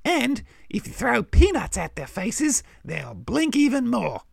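A cheeky male crow with a broad Australian accent, talking in a gravelly voice full of fry. His delivery swoops up and down with lively energy. He teases the others, drops slang, and sounds sure of every fact, all in a close, dry recording. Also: very high voice, unhurried, dry recording, full character voice. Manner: brash, teasing, drawled "mate" and "g'day" slang. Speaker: regular fact-telling puppet character.

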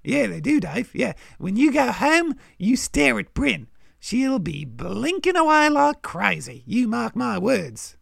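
A man voicing a cheeky, know-it-all male Australian crow with a gravelly voice and brash, slangy talk. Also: extremely high pitch, big pitch swings, slow, a bit bright, no echo, clean studio sound, exaggerated voice. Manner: brash, teasing, drawled "mate" and "g'day" slang. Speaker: regular fact-telling puppet character.

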